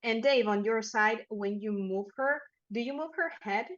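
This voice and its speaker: A woman narrating a tabletop horror game as game master, talking casually with fillers and quick self-corrections. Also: on the high side, muffled recording. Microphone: headphones and microphone.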